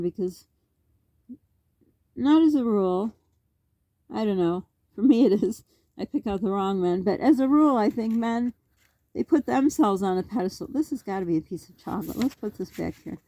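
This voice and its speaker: A woman's voice: medium pitch, lively intonation, moderate pace, warm tone, no echo. A middle-aged woman from Canada talking straight to camera in a rambling, worked-up vlog monologue, full of rhetorical questions. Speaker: vlogger.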